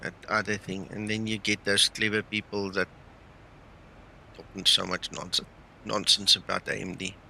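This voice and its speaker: A man hosting a flight simulator live stream, chatting loosely and talking himself through each step. His voice has a gravelly edge and a very bright, forceful tone. A faint hiss of noise sits under the talk. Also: on the low side, level tone, moderate pace, rough recording. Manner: chatty, thinks aloud while flying. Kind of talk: casual live-stream chat.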